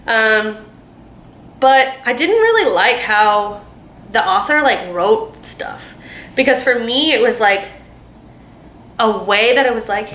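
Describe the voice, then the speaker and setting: A woman's voice: a little high, expressive, unhurried, sharp tone. Chatty young woman in an echoey room. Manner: chatty, rambling, lots of fillers, acts out quotes. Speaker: booktuber. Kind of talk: casual book review. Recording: echoey room, faint noise.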